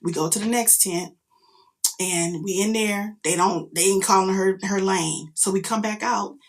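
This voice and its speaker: A middle-aged woman, a mother, telling a story in casual chat, animated and profane, jumping into loud quoted outbursts. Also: medium pitch, measured pace, vocal fry.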